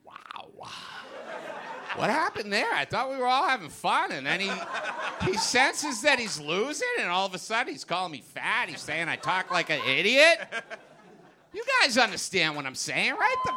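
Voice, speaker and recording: A man comedian doing a manic, shouting improvised rant on a live comedy stage, laughing through his lines. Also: high-pitched, huge pitch swings, normal speed, noisy background. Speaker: comedy debate contestant.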